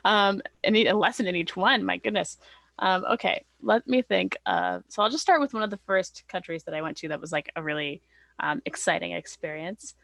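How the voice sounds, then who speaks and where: Chatty young Canadian woman, gravelly edge. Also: on the low side, normal speed, fairly bright tone, no echo. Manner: chatty, laughs often, many fillers. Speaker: podcast guest. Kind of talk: casual chat.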